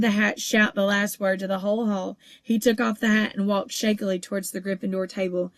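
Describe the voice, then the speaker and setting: A woman narrating a children's novel at an easy, steady pace, stumbling now and then on a word. Her voice sits at an ordinary middle pitch. The room is dead and dry, close to the mic. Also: moderate pace, hardly any pauses, no echo. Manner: steady, even storytelling with occasional small stumbles. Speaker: audiobook reader. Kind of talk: audiobook narration.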